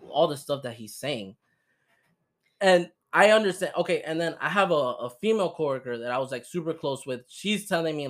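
Animated young man telling stories. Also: fairly high pitch. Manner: animated, imitates people he quotes. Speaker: podcast host. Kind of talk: casual chat, storytelling.

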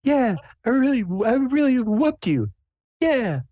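A man voicing an excitable, easily flustered young female student in a squeaky falsetto. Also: unhurried, no room sound, muffled recording, exaggerated voice. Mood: sarcastic.

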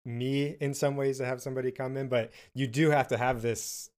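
A man's voice: mid-range voice, little pitch movement, brisk, a little mellow, smooth. Reflective young man hosting a podcast. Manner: reflective, hesitant, filler-heavy. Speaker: podcast host. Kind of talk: casual interview talk.

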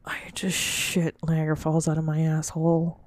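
A woman's voice: lowish voice, lively intonation, a little fast, no room sound, studio quality. A woman playing an indignant male caller in an improvised comedy skit, demanding and huffy. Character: indignant man caller with a mess to report.

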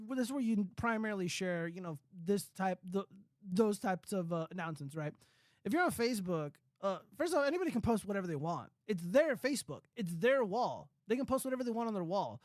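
A man's voice: high-pitched, expressive, brisk, no echo, clean studio sound. A man hosting a casual commentary stream, reading news and chat comments in a loose, profane, rambling way with lots of fillers.

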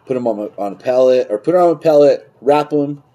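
A man's voice: mid-range voice, fast talker, mellow. A man in casual chat who tells stories with lots of swearing and laughs often. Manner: profane storytelling, laughs often.

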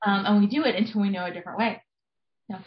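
A woman's voice: mid-range voice, quick pace. A woman family therapist talks through ideas earnestly, with frequent fillers. Her voice sits in a middle range and has a roomy echo. The recording is dull and lo-fi. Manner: earnest, explanatory, lots of fillers. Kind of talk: conversational interview. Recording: echoey, dull lo-fi sound.

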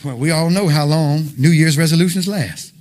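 Emphatic preacher, slightly higher voice. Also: male voice, moderate pace, darkish tone. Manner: conversational, emphatic, colloquial with rhetorical questions. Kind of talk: informal sermon.

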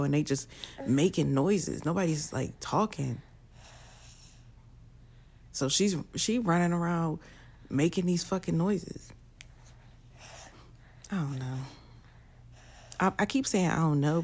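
A woman's voice: fairly low pitch, a little mellow. A young woman, ranting bluntly and profanely to camera in a casual vlog. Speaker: vlogger.

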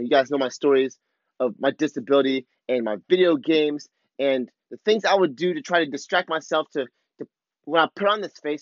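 A man's voice: on the high side, dry recording, lo-fi sound. A man in his thirties, a father speaking candidly and confessionally about his struggles, swearing casually. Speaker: father vlogger. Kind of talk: candid personal reflection.

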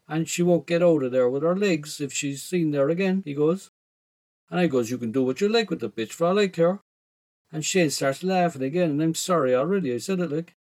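Rough-talking Irish man telling a story. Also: on the high side, darkish tone. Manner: rough, slangy teenage voice. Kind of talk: first-person story narration.

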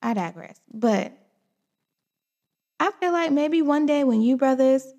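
A woman in her forties, talking in a sassy, animated and opinionated way, in a casual chat. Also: high voice, measured pace, muffled recording.

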